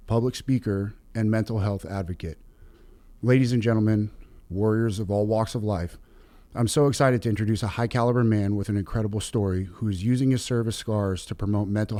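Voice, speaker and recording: A man hosting a podcast interview, chatty and energetic, laughing often as he talks. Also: lowish voice, no room sound. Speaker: podcast host.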